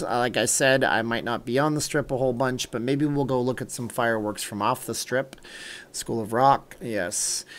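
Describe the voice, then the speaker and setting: A man's voice: medium pitch, fairly bright tone. Chatty middle-aged man hosting a livestream. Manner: rambling, chatty, reads out viewer names and answers chat; earnest pep talk. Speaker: livestream host. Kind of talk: casual livestream chat.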